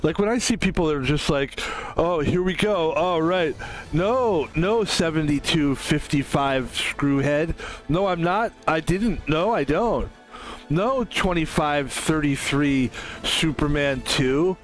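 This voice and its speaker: A man talking through a casual solo stream with a slightly high voice. He rambles from topic to topic, swears freely and tosses in jokey asides. Faint music plays underneath. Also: animated, takes it slowly. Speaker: game streamer.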